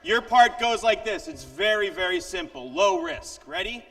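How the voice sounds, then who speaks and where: A playful, self-mocking man gives a keynote speech and coaxes the audience to join in. His voice is high and lively, with a gravelly edge. It sounds distant, echoing through a large hall. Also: normal speed. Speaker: motivational speaker. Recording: echoey hall from far off.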